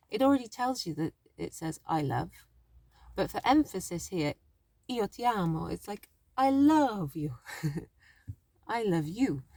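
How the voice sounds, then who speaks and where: A woman's voice: low voice, darkish tone, no echo. A woman teaching a language lesson in a chatty, thinking-aloud way, often correcting herself as she explains. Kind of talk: casual spoken lesson.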